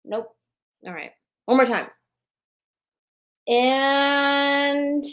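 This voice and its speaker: A woman's voice: fairly high pitch, a little slow. A woman hosting a casual livestream chat show from a borrowed bedroom, chatty and playful, joking through technical trouble over a laptop mic. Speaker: host.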